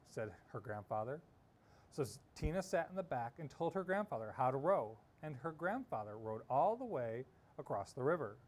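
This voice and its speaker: A man's voice: medium pitch, very animated, normal speed. A man reading a children's picture book aloud, playful with the sound words. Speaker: storyteller. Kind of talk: children's story read-aloud.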